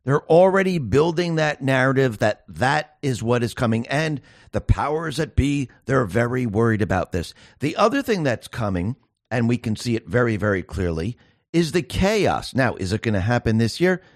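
Man, commentary host, emphatic, rhetorical questions, medium pitch, dry room. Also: sing-song, normal speed, no echo. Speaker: show host. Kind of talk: political commentary monologue.

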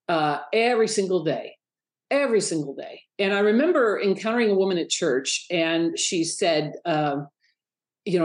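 A middle-aged woman, a guest author, telling personal stories in an interview and acting out the voices of people she quotes. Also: normal speed. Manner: animated, acts out quoted voices in a high pitch. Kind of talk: storytelling interview talk.

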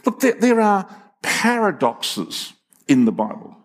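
Older male pastor; animated, humorous preaching with emphatic peaks. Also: high-pitched, slow. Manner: animated, rising to emphatic peaks, joking with the congregation. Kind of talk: sermon. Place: church hall with congregation.

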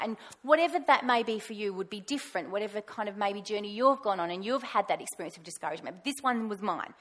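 A woman giving a personal faith testimony, animated, acting out her own past words in a raised voice. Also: medium pitch, fast talker, hardly any pauses. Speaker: pastor's wife sharing testimony.

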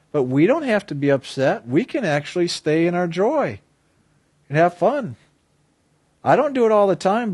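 A man's voice: fairly high pitch, a little mellow, no room sound. A man giving an earnest inspirational talk on a spiritual theme, often asking his listeners questions. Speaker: spiritual speaker.

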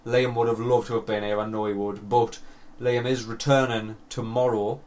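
A man in his thirties chatting as a podcast host in an ordinary mid-range voice. He swears freely and jokes around, breaking into loud laughs. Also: medium pitch, flat delivery, normal speed. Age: 30s. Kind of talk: casual podcast chat.

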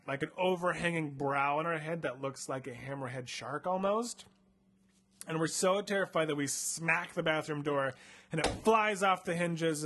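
Young guy on a comedy podcast, kinda high voice, super chatty, lots of likes and ums. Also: a bit bright. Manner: chatty, full of "like" and "um" fillers, playful. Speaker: podcast host reading a choose-your-path book aloud. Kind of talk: casual comedic retelling of a story.

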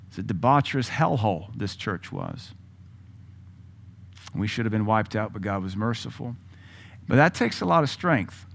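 A man's voice: medium pitch, gravelly. A middle-aged male pastor preaching a sermon, telling a personal story with laughs and sudden swings in volume.

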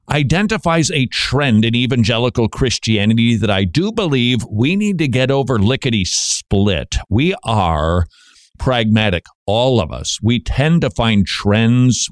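A man's voice: medium pitch, dry recording, studio quality. Wry male talk radio host. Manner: wry, jokey asides.

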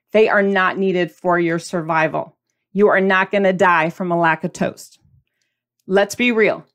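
A woman hosting a podcast in a casual, animated and emphatic monologue. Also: mid-range voice, moderate pace. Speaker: podcast host.

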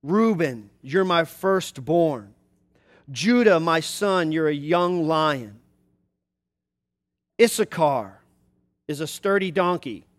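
Measured old patriarch naming his sons , read aloud by a preacher, fairly high voice. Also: animated, no room sound, studio quality. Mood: declaring.

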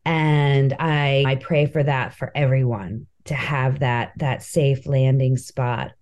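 A woman's voice: very deep voice, fairly even intonation, slow pace, darkish tone. A woman comedian as an interview guest, telling stories in a candid, heartfelt way. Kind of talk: casual interview chat.

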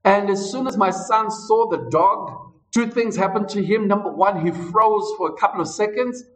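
Male pastor, high-pitched, emphatic repeating sermon delivery; recorded from a distance. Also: moderate pace. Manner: emphatic, repeats phrases for stress. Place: church service. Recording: voice a bit far from the mic.

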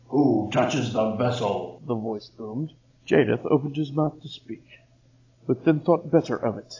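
Male story narrator: gravelly voice, echoey room, slightly muffled. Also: medium pitch, a little mellow. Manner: measured storytelling. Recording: roomy, slightly dull recording.

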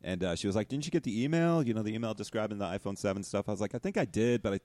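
Easygoing co-host, lowish voice, dry close mic, amused and teasing. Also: male voice, racing, darkish tone, dry recording. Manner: laid-back, laughs often, teases his co-host. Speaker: podcast co-host. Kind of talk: casual podcast chat.

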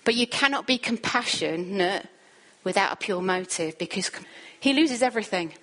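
A woman preaching a sermon in an earnest manner. She builds lists that climb in pitch and drops to a hushed tone for quoted words. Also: expressive, normal speed.

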